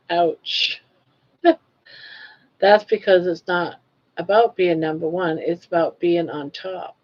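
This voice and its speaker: A woman's voice: fairly even intonation, slow, pauses often. An older woman hosting a casual live stream, chatty and teasing, laughing often. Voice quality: froggy, low-pitched singing voice by her own account. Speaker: livestream host. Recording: dull lo-fi stream audio.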